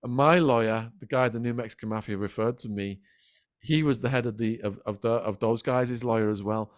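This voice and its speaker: A middle-aged man, a podcast guest telling animated stories in a casual interview. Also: mid-range voice, dry recording, clean studio sound. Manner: animated, quick anecdotal storytelling. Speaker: podcast guest, former prisoner.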